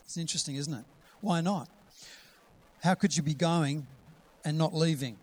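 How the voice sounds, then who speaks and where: Male preacher, sermon, slightly raised pitch, scripture quotes, builds emphasis, soft whispered asides. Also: normal speed. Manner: drops to a soft whisper to act out a gentle voice.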